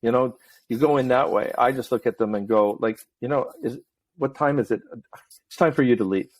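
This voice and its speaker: A man's voice: medium pitch, a little fast. Chatty middle-aged male host. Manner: talkative, animated storyteller. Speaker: podcast host. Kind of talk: casual chat.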